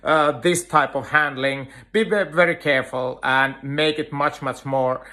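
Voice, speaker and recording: A man giving an earnest dog-training lecture, talking in halting phrases full of "uh" fillers. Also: on the high side, fairly even intonation, sharp tone. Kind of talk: instructional lecture.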